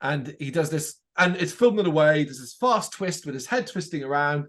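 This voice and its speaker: A man's voice: a little high, normal speed. A man co-hosting a podcast, casually recapping a TV episode and acting out the lines he quotes. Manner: animated retelling, acts out quotes. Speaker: podcast co-host.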